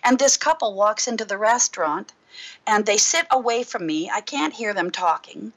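A middle-aged woman minister recounts a personal faith story as a guest in conversation. Her voice sits at an everyday pitch for a woman. She tells it with lively, expressive storytelling. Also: normal speed, rough recording. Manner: lively storyteller who acts out her own past thoughts. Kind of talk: personal testimony in a casual interview.

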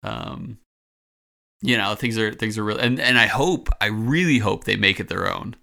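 A man co-hosting a casual podcast chat, relaxed and hesitant with fillers. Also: lowish voice, normal speed, vocal fry. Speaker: podcast co-host.

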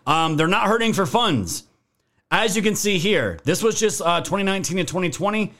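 A man's voice: a little high, a bit bright. A man hosting a political commentary video, ranting in a heated, profane way and calling his viewers fam.

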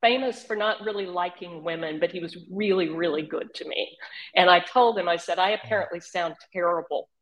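Older Southern woman with an Oklahoma drawl, slightly low voice, an animated guest who laughs as she tells stories. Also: fairly quick, poor audio. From Northeast Texas region. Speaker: interview guest. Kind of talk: casual storytelling.

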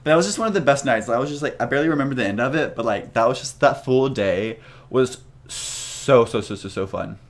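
A man's voice: mid-range voice, a little fast. A young man co-hosting a podcast, casually telling a travel story in a rambling way full of "like" and restarts. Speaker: podcast co-host.

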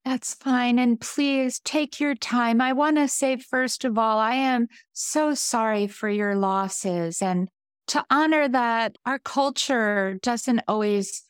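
A woman hosting a podcast, speaking gently and compassionately to her guest. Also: on the high side, clean tone, no echo, clean studio sound. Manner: soft, slow, compassionate. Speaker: podcast host. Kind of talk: gentle supportive interviewing.

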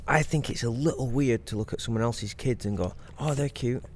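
Man, podcast co-host, blunt, argumentative, swears a lot, middle pitch. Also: brisk, slight background noise. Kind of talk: casual chat.

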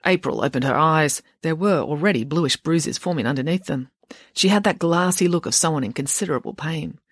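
A woman narrating a children's novel aloud with lively, expressive storytelling. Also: low voice, a little fast, husky, no room sound, studio quality. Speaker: audiobook narrator. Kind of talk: audiobook reading of a children's novel.

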